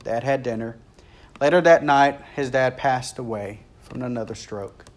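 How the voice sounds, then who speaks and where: A man preaching a sermon, telling a story earnestly and swinging between rising intensity and hushed, quiet stretches. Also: moderate pace. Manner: earnest, builds in intensity and then drops low and quiet.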